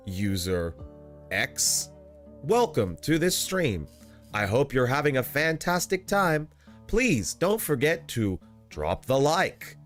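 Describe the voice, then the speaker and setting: A man putting on the voice of a stiff, polite male AI chatbot, drawing his words out slowly. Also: mid-range voice. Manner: slow, drawn-out, announcer-like delivery. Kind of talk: streamer doing a joke voice.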